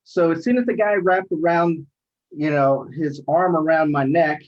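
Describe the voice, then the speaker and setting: A middle-aged man, a rideshare driver, telling a story in casual chat, animated and acting out quoted voices. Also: fairly high pitch, normal speed. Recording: dull lo-fi audio.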